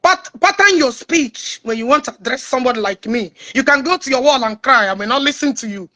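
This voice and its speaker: A woman's voice: high voice, lively intonation, a little fast, bright, forceful tone. A Nigerian woman with an Igbo accent, delivering a mocking, confrontational social media rant that mixes English and Igbo.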